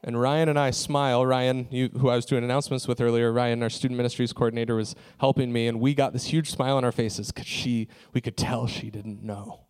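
Man, sermon storytelling, casual, mid pitch, chatty with ums. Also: level tone, a little fast, few pauses, darkish tone, smooth. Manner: conversational storytelling with fillers. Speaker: pastor.

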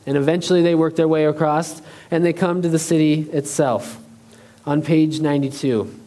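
A man's voice: on the high side, fairly even intonation, normal speed, mellow. A man preaching a sermon as pastor, speaking conversationally and asking the congregation questions.

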